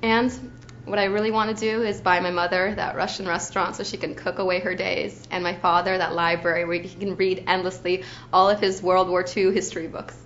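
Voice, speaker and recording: A woman's voice: fairly low pitch, little pitch movement, a little fast, a bit bright, slight background noise. A young adult woman from Ukraine giving an audition slate, chatty and bubbly, often saying "like.". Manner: chatty, bubbly, uses lots of "like". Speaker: actor auditioning. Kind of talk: audition slate, self-introduction. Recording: dull lo-fi recording.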